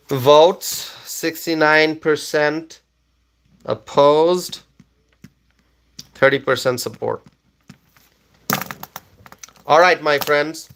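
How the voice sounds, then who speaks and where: A man chats on a casual live stream, tired at the end of a long day. He speaks in an unhurried, plodding way and sits a little high in his range. He often repeats himself while reading viewer comments aloud. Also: a bit bright. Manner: slow, repetitive, reads viewer comments aloud.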